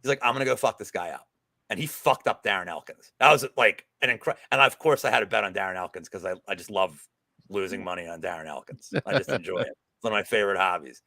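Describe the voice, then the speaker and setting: This man talks with a gravelly, fry-laden edge and a bright, forceful tone. He co-hosts a betting podcast in casual chat, animated and profane, with a jokey storyteller's bent. The sound is dry and close. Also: deep voice, quick pace, dry recording.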